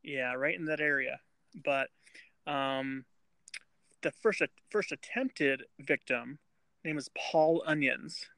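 Male podcast co-host, a bit high-pitched, halting delivery, close dry mic. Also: sharp tone, no echo. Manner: halting, many restarts and fillers. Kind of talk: casual true-crime chat.

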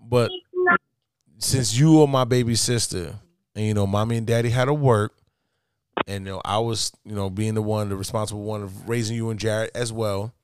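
Cursing, lower-pitched man hosting a podcast. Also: fairly even intonation, moderate pace, darkish tone, clean tone, dry recording, studio quality. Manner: profane, venting. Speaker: podcast host. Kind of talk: casual podcast chat.

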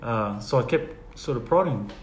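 A man casually recounting church testimonies, telling his story and softly acting out the dialogue. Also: mid-range voice, animated, normal speed. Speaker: guest sharing testimonies. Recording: echoey room with faint ambient noise.

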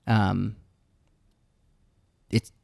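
A man, a musician guest, telling his life story in a casual interview, reflective and halting with fillers. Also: lowish voice, level tone, gravelly, darkish tone, dry recording, studio quality.

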